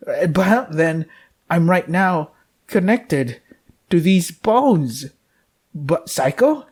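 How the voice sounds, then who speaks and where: A man's voice: fairly high pitch, lively intonation, measured pace, a little hiss or hum. A man streaming a game, reading its text aloud and swearing at it as he laughs.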